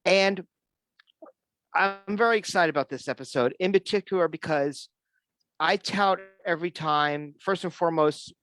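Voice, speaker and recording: A man's voice: on the high side, normal speed, fairly bright tone, dry recording. A man hosting an online fan show, chatting casually and enthusiastically, often restarting his sentences. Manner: rambling, enthusiastic, with frequent restarts. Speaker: host of a fan-group show.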